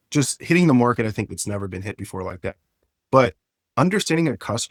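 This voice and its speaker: Male guest, low pitch, earnest and eager conversational tone, dry close recording. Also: no room sound. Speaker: podcast guest, entrepreneur. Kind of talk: casual interview chat.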